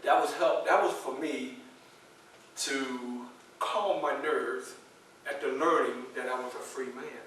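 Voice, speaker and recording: A man performing a first-person historical story, addressing a live audience as a lively storyteller. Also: medium pitch, takes it slowly, slight background noise. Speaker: historical reenactor. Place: public library event room. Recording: echoey room from far off.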